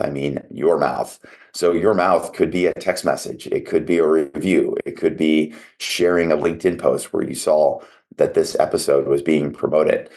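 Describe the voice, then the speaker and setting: A man's voice: rumbling low, darkish tone. A middle-aged man hosting a solo podcast, talking in a conversational, coaching way with small asides. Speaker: podcast host.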